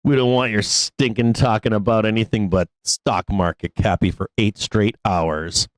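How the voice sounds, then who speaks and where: A man's voice: on the low side, steady tone, normal speed, no room sound, rough recording. A man hosting a live stock trading stream, talking brashly with lots of swearing and jokes. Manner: brash and profane, joking. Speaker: live trading show host.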